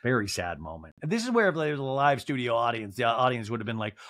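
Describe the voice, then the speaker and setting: A man hosting a podcast, recapping reality TV in an animated, crude comic style and laughing at his own jokes. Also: medium pitch, fast talker. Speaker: podcast host.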